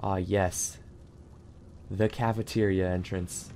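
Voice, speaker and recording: A man's voice: lowish voice, unhurried, darkish tone, a little hiss or hum. A man commenting casually on a game as he plays, joking and talking to the character on screen. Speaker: gaming channel host. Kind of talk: casual let's-play commentary. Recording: game music playing behind.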